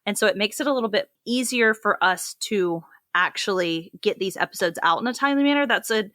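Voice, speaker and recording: A woman co-hosting a casual podcast, chatty and quick to laugh. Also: mid-range voice, animated, bright, forceful tone, no room sound. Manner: giggly, chatty, laughs often. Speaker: podcast co-host. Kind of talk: casual chat.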